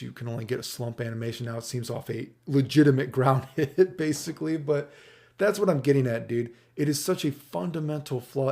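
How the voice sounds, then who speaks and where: Gravelly-voiced man ranting about games. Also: medium pitch, warm tone. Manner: frustrated, rambling, profane. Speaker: fighting game commentator. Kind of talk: casual gaming rant.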